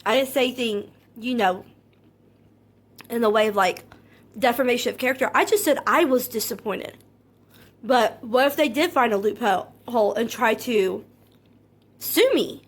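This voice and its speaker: A woman content creator addresses her viewers directly in a personal monologue, sounding earnest and hurt. Her voice is on the high side, calm, measured and quiet, though anxious, and she often repeats herself.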